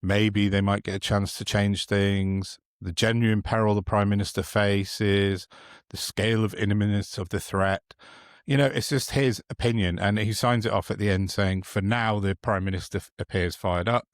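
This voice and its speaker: A man's voice: on the low side, fairly even intonation, moderate pace, no echo, clean studio sound. An English man co-hosting a political podcast, talking casually and reading out quotes with plenty of ums and restarts. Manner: hesitant, reads out quotes with many fillers. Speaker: podcast co-host.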